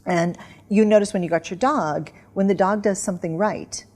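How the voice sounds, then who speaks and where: Middle-aged woman author, animated storyteller, mid pitch. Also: a little fast. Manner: animated storyteller, acts out dog commands. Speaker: interview guest, author. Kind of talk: casual interview chat.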